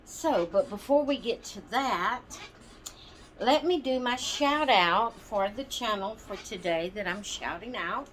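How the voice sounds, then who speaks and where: Lady vlogger rambling slow to her viewers, lots of ums, faint hiss behind. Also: on the high side, fairly bright tone. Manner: rambling, chatty, frequent ums and asides. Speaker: doll channel vlog host. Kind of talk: casual chat to viewers.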